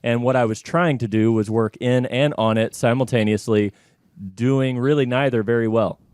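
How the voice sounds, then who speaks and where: A man who owns a business, answering interview questions in a measured, reflective way. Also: medium pitch, steady tone, a little mellow, smooth, no echo, clean studio sound. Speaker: guest business owner.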